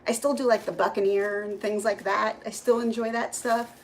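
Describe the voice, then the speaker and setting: A woman's voice: medium pitch, level tone, moderate pace, slight background noise, poor audio. A middle-aged woman, chatting casually on a live stream from her phone at home, greeting viewers by name and laughing often. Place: home kitchen.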